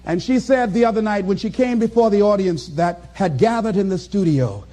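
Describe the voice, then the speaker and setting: High-pitched animated motivational speaker, man. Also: moderate pace. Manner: animated, preacherly, acts out voices and chuckles. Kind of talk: motivational speech to an audience.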